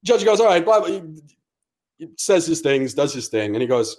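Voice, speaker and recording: A man's voice: a little high, very animated, normal speed, a little mellow. A young man from the United States telling a long story on a casual podcast, cursing freely and acting out every line of dialogue. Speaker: podcast co-host.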